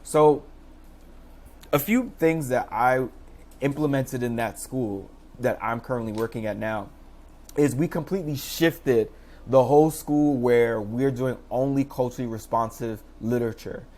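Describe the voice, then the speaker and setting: Animated man telling stories on a call. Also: unhurried. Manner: animated, acts out quoted voices with pitch jumps. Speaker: guest, teacher. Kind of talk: casual storytelling in an interview. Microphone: video call.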